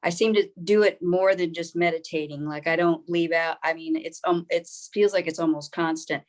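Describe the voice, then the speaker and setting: A fairly low-pitched woman shares a personal experience with an online group over a video call. She rambles and halts, filling her pauses with "um" and "like". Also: fairly even intonation. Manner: rambling, halting, many fillers. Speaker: group participant. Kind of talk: casual personal sharing.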